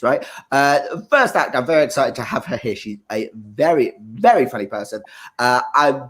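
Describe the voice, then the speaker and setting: Comedy compere, male, animated intonation, self-mocking and chatty. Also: fairly high pitch. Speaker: comedy show host. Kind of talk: online stand-up compering.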